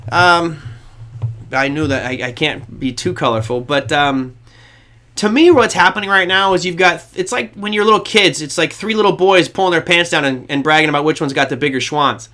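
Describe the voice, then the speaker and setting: Bright-voiced chatty male trading host. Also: on the high side, moderate pace. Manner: rambling, chatty, self-deprecating. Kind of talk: casual market commentary to viewers.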